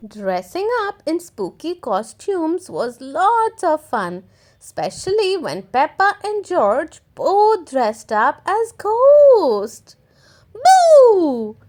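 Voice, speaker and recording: A woman reading a children's picture book aloud in an expressive, gently paced way. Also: very high-pitched, takes it slowly. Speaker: storytime reader. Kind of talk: children's read-aloud narration.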